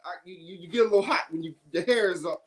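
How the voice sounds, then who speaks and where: A woman's voice: lowish voice, fast talker. A woman hosting an independent sports show, delivering a heated, emphatic opinion monologue.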